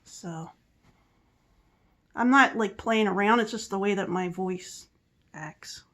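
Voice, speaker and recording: A woman's voice: mid-range voice, takes it slowly, a bit bright. Woman, middle-aged, mixed Philadelphia and Southern US accent, casual vlog chat, rambling, self-mocking. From Philadelphia area, USA. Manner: rambling, chatty, laughs at herself. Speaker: vlogger.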